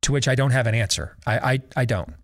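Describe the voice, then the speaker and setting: A man's voice: medium pitch, quick pace. A middle-aged man hosting a talk show, ranting sarcastically in a casual monologue and mimicking voices. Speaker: radio talk show host.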